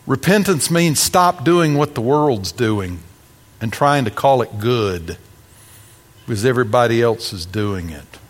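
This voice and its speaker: A man's voice: mid-range voice, big-room sound. A man preaching a sermon with dramatic emphasis and humorous asides. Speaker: pastor.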